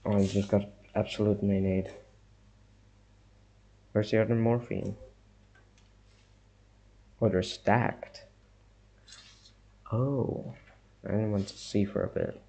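A man's voice: on the low side, steady tone, slow pace, vocal fry, pauses often, warm tone, slight background noise. A young man giving a let's-play commentary on a horror game, muttering to himself and reacting nervously to scares. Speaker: gamer.

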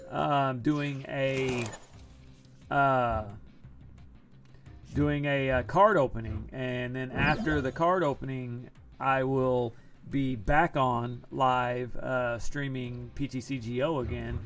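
A man's voice: medium pitch, fairly even intonation, slow pace, faint music behind. A man live-streaming an online card game from home, chatting casually and groaning about his bad luck.

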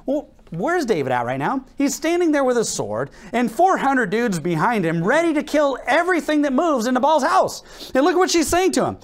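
A man preaching a sermon as pastor, with an American accent, animated and quick to act out little exchanges and laugh. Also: very high voice. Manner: animated preaching, acts out dialogue, laughs often.

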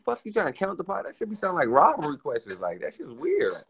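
A young man hosts a live stream, ranting casually and emphatically with plenty of profanity while acting out other people's lines in quick put-on voices. His voice is high and gravelly, a bit bright and husky, with huge swings in pitch.

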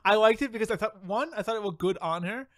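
Podcast host, male, high-pitched, dry close sound, animated and quick to laugh. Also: no room sound. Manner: animated, laughs often, swears casually. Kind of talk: casual chat.

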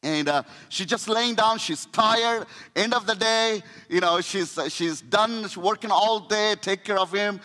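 A pastor preaches a sermon in a church sanctuary, his high voice bright and ringing as he tells the story animatedly and keeps restarting phrases. He holds a measured pace with hardly any pauses, and a long church-hall echo trails his words.

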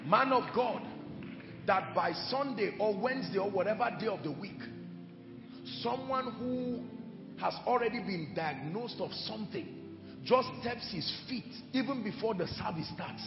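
A man preaching a sermon with impassioned, shouted peaks, recorded in a large church hall. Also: high voice, animated, moderate pace, gravelly. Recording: echoey hall, dull sound, music behind. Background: music.

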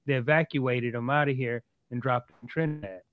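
A man in a casual podcast chat, explaining history at length in a steady, lecturing way. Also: mid-range voice, fairly quick, narrow, tinny audio.

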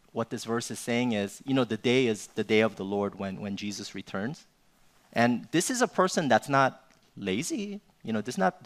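With a medium-pitched voice, a male pastor delivers a sermon in a casual, conversational style, regularly finishing his sentences with "you know" or "right?".

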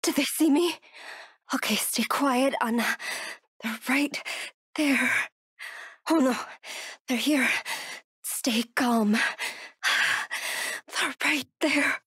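An actress voicing a frightened young woman from Texas in a video game, wounded and hiding, whispering to herself to keep calm. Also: high-pitched, slow pace, pauses often, husky, no room sound, studio quality, exaggerated voice. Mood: terrified. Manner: whispers and talks herself through danger. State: wounded and in pain. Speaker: game character.

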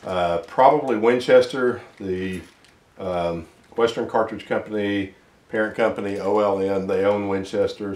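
Man, lowish voice, casual how-to talk, halting with fillers, distant mic in an echoey room. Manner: unhurried, thinking aloud with many fillers. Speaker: ammunition reloading hobbyist. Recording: roomy sound, mic set back.

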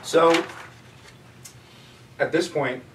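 A man's voice: fairly high pitch, drawn-out words. Male group-study leader, casual and conversational, recorded from a distance in a roomy hall. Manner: conversational, asks the group questions. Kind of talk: casual teaching. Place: church meeting room. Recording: echoey room, distant mic, faint noise.

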